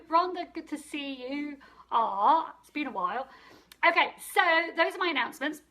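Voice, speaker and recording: High, bright-voiced woman chatting on a live stream. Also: expressive, moderate pace. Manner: chatty, greets viewers and answers comments aloud. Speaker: psychic medium hosting a live stream. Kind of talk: casual live-stream chat and reading. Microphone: phone.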